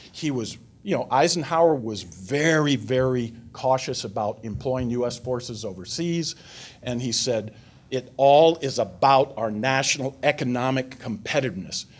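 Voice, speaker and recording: Older man telling stories at a lecture. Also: mid-range voice. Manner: animated storyteller, voices characters in his anecdote. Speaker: guest speaker at a foreign affairs forum. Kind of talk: public talk with anecdote and audience questions. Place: lecture room before an audience.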